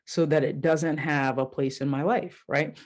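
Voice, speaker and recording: Animated woman coach telling stories. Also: sits low, measured pace. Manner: animated storyteller who acts out her own inner voices; casual and candid, with mild swearing. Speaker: life coach and podcast host. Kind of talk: solo podcast monologue.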